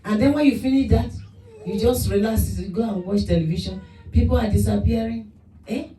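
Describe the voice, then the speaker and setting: A woman pastor preaching a lively sermon, laughing often and breaking into mock speaking in tongues. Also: medium pitch, fairly quick. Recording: echoey room, voice from a distance.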